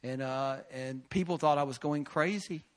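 A man's voice: a little high, moderate pace. A man preaching at a prayer meeting, telling a personal testimony with bursts of emotion and laughter. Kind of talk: sermon testimony.

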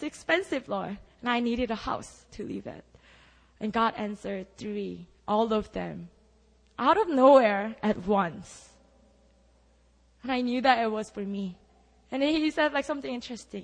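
A woman's voice: fairly high pitch, animated, measured pace. A young woman gives her testimony at a church prayer meeting, telling her story with animation and acting out her own prayers. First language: Korean. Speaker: speaker giving testimony. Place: church hall. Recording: long reverb of a church hall.

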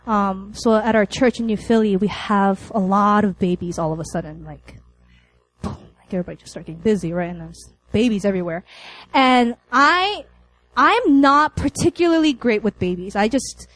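A woman's voice: medium pitch, moderate pace, poor audio. A young adult woman preaching a sermon to college students, telling a story with laughs and acted-out lines.

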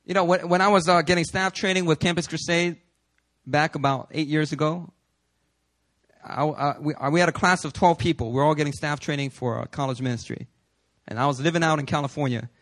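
A pastor in his thirties from New York preaching a sermon at a church service, telling stories with jokes and building to loud, emphatic shouts. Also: fairly high pitch, fairly even intonation, a little fast.

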